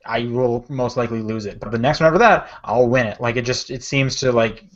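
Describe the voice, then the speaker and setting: A podcast co-host chats casually, rambling with lots of fillers and correcting himself. His mid-range voice moves a little fast, and the audio is dull and lo-fi.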